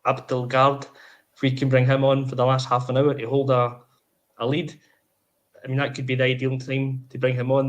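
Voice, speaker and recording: A man, co-hosting a casual football podcast, chatty and opinionated. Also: mid-range voice. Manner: chatty, opinionated, fast-flowing. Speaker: podcast co-host.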